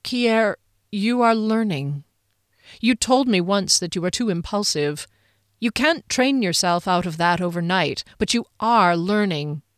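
A woman's voice: medium pitch, animated, measured pace, smooth, no echo, studio quality, natural voice. A woman voicing an earnest, secretive male noble leader in an audiobook reading, speaking with pleading sincerity. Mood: gentle.

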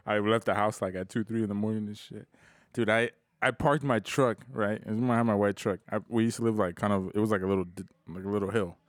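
A man's voice: on the low side, steady tone, brisk, dry recording. Young dude on a podcast, swears nonstop, laughs thru his stories, dry close sound. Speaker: podcast co-host. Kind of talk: casual chat.

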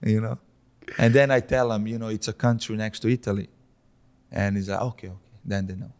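A man in his thirties from Slovenia, speaking English with a Slovenian accent as a podcast guest, talking in a relaxed way and often repeating words as he searches for them. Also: lowish voice, fairly quick, clear, resonant tone. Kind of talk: casual conversation.

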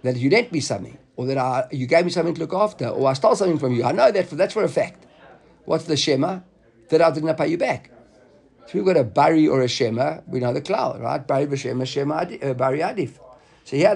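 A man's voice: mid-range voice, creaky, a little mellow, breathy edge. A man giving an informal Talmud lesson, explaining the text in a loose, chatty way and often repeating words as he thinks aloud. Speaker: Talmud teacher.

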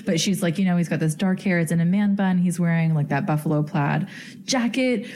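A woman's voice: lowish voice, fairly quick, darkish tone. A woman hosting a podcast, telling a story in a giddy, chatty way full of fillers. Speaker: podcast host.

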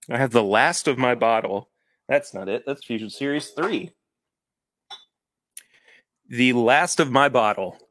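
A man's voice: medium pitch, a bit bright, no room sound. A man hosting a podcast, chatting casually with live viewers. He says he is tired, and he rambles and corrects himself often. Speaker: podcast host.

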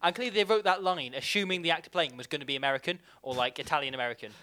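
A man's voice: on the high side, very fast, sharp tone. A man chatting casually, recapping a film plot with rambling asides and frequent laughter. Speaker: podcast host recapping a film. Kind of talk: casual chat.

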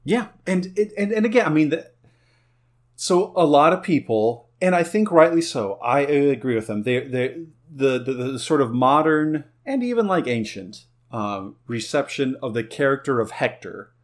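A man's voice: mid-range voice, lively intonation, normal speed. A man co-hosting a podcast, agreeing readily and chatting casually. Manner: agreeable, affirming. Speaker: podcast co-host. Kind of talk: casual chat.

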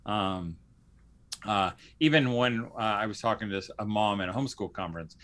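A man's voice: lowish voice, normal speed, a bit bright. A man hosting a podcast in a casual, rambling way, with lots of fillers and restarts. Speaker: podcast host.

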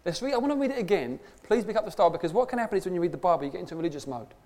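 Preacher, male, fairly high voice, punchy rhetorical delivery, long hall reverb. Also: lively intonation, rapid-fire, a little mellow. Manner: emphatic, full of rhetorical questions. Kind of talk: conversational sermon.

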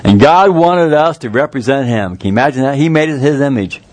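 A man preaching a sermon in a folksy, earnest way, jumping up in pitch to stress a point. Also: expressive. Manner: folksy, earnest, with quick rises in pitch for emphasis.

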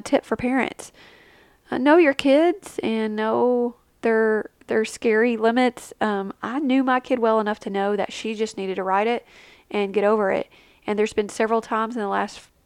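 A woman in her thirties, a mother, chatting casually in a vlog and giving tips with an animated, storytelling manner. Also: clear, resonant tone, dry recording. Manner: chatty, animated, acts out quotes with big pitch jumps. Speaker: family travel vlogger, mother.

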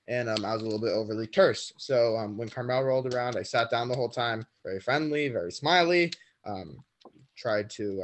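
A teenage boy chatting casually as a podcast guest, relaxed and self-deprecating, with lots of fillers. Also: mid-range voice. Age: teens. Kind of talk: casual chat. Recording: noisy video call audio.

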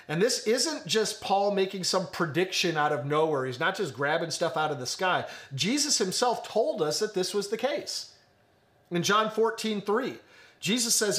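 A man's voice: a little high, a bit bright. A young man preaching an earnest online sermon, building emphasis through repetition. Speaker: pastor.

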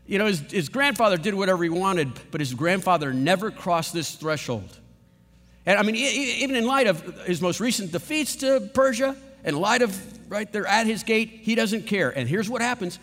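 A man's voice: sits high, lively intonation, normal speed, fairly bright tone. A man preaching a sermon in a large auditorium, emphatic and full of rhetorical questions. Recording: long hall reverb.

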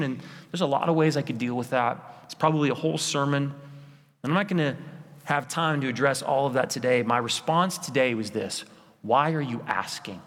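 A man's voice: mid-range voice, a bit bright. A man preaching a sermon as pastor, in an earnest, pleading tone with repeated rhetorical lists. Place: church sanctuary. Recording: church hall with long reverb.

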